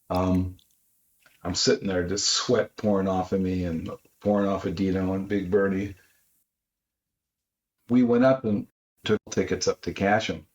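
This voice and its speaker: A man's voice: lowish voice, a little mellow. A man from Los Angeles, an author and guest, telling a story and acting out quotes with a raised voice. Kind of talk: animated storytelling. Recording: roomy, slightly dull audio.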